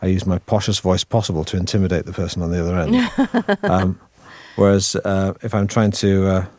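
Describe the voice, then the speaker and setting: A man with a Manchester accent talks through an interview as a guest actor. His voice sits very low, and he keeps a wry, self-deprecating tone while winding through thoughts with restarts. The sound is dry and close. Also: lively intonation, brisk, darkish tone, no echo. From Manchester, northern England. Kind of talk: relaxed interview chat.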